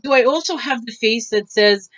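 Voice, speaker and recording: With her voice on the high side and a moderate pace, a woman vlogger shares rambling, casual stories and animatedly acts out what each person said. The sound quality is dull and lo-fi.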